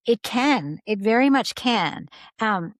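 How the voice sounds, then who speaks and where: A woman leadership consultant speaking as a guest in a podcast interview, calm and reflective, sometimes acting out quoted reactions. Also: a little high, slow, no echo.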